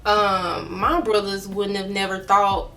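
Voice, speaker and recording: A woman's voice: mid-range voice, level tone, takes it slowly, bright, forceful tone, distant mic, faint music behind. A young woman from Alabama telling an emotional storytime to her viewers, talking straight to them. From Mobile, Alabama. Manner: earnest, emotional retelling, addresses viewers as y'all. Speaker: vlogger. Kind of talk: storytime vlog.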